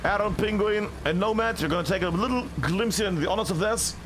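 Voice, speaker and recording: A man giving live play-by-play commentary on a video game match, chatty and excitable with many fillers. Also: high-pitched, fast talker, noisy background. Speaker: esports caster.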